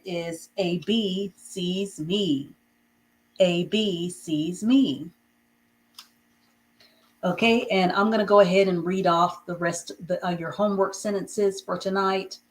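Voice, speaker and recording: A woman teaching a live online reading class, praising students and dictating short sentences slowly and clearly. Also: on the low side, rough recording. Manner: slow, encouraging, drawn-out dictation of sentences.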